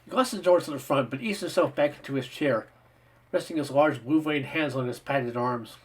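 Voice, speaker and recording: A man narrating an audiobook with a steady, even storytelling delivery. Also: medium pitch, normal speed, breathy edge, rough recording. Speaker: audiobook reader.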